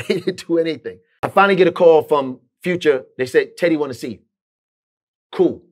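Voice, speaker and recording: Animated middle-aged man telling a story. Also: a little high, brisk. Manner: animated, acts out quoted dialogue. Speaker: interviewee. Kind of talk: storytelling interview.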